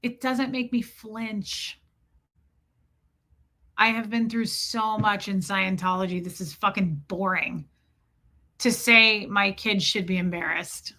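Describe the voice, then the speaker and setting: A woman's voice: mid-range voice, takes it slowly, long pauses, bright, forceful tone. A middle-aged woman hosting a livestream, talking bluntly and defiantly, with frequent swearing. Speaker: livestream host. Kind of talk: casual livestream talk.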